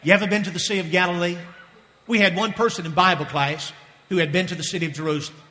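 A middle-aged man preaching a sermon in a church, animated, drawing out key phrases slowly for emphasis. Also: high-pitched. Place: church sanctuary. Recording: long hall reverb.

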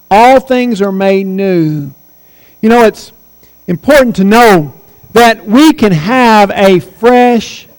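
A man's voice: sits high, in a large hall, rough recording. A man in his forties preaching a sermon as pastor, earnest and emphatic, repeating key phrases. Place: church sanctuary.

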